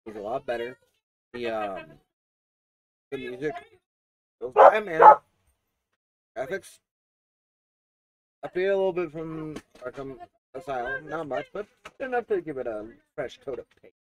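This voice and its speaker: A man talks through a video game review in a casual, meandering way, full of fillers and restarts. His voice swings lively up and down while staying mid-pitched. He coughs and clears his throat now and then. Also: normal speed, long pauses, background noise. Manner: rambling, with many fillers and restarts.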